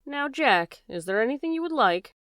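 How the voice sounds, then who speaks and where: A woman voicing a shrewd, measured male detective in an audiobook. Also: high-pitched, very animated, clear, resonant tone, no room sound, clean studio sound, pitched above the performer's own voice. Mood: calm. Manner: measured, courteous, quietly strategic. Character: cool, shrewd male detective, polite and probing.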